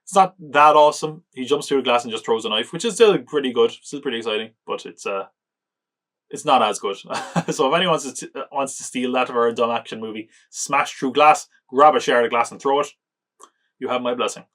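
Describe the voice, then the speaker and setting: A man's voice: medium pitch, fairly quick, a bit bright. A man hosting a podcast, casually reviewing a film in a loose, joking way with lots of filler words and chuckles. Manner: chatty, lots of "like", chuckles often, mocking. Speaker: podcast host reviewing films.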